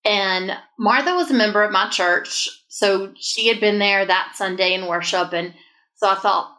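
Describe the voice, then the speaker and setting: A woman tells a personal story of faith in an earnest, heartfelt voice. Her pitch sits in a middle range, and she leans into the emotional moments as she recounts them. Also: normal speed, sharp tone. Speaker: guest. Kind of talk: personal testimony in a faith conversation.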